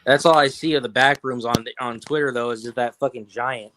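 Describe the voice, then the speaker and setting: A man co-hosting a casual podcast chat, rambling and swearing as he tells stories in an animated way. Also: mid-range voice, fairly quick, a little hiss or hum. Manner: profane, rambling, animated storytelling. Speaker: podcast co-host.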